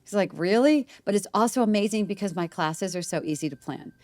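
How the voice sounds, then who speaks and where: A woman's voice: mid-range voice, fast talker, no echo. A middle-aged woman telling a long personal story in a casual interview, rambling, with restarts and acted-out quotes. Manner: rambling, animated retelling with restarts and quoted voices. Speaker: guest.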